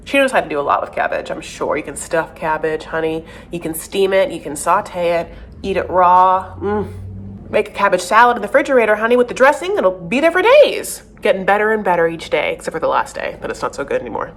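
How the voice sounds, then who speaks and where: A woman's voice: medium pitch, a bit bright. Sassy woman recap host, gossipy and opinionated, casual commentary. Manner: sassy, gossipy, calls listeners "honey".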